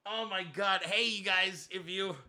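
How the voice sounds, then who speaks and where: A man's voice: high-pitched, measured pace, background noise. A man hosting a political commentary show, swearing often and laughing as he mocks people. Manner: profane, mocking, laughing. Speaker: host.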